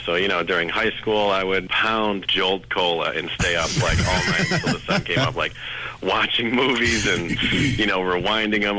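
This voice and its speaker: A man who does impressions and voiceover work, answering a radio interview in relaxed storytelling. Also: low-pitched, slight background noise, poor audio.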